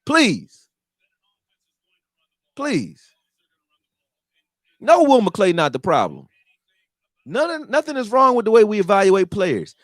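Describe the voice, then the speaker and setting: He takes it slowly and pauses often, his high-pitched voice carrying an animated, profane sports rant in which he acts out quotes. He's a fan commentator who makes football videos, recorded dry at studio quality.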